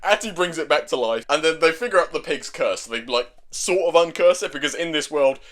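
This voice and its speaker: A man retells a manga plot to his viewers in a loose, excitable ramble, stacking up filler words. His voice sits a little higher than most men's. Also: brisk. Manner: enthusiastic, rambling, lots of "like". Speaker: manga recap video host. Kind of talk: casual story recap.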